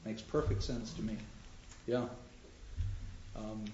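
A man's voice: fairly low pitch, steady tone, slow, mellow, a little hiss or hum. A man lecturing on drama with frequent restarts, animatedly acting out the lines he quotes. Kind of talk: lecture with audience questions. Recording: dull roomy lecture recording.

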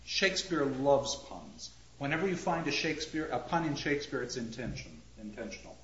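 A man giving a literature lecture, animated and theatrical, reading lines aloud with heavy emphasis. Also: medium pitch, moderate pace, hardly any pauses, slight background noise. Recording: echoey lecture hall, dull lo-fi sound.

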